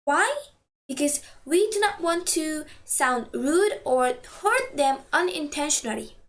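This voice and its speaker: A woman teaching a language lesson, patiently saying each word twice and slowly for practice. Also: high voice, lively intonation.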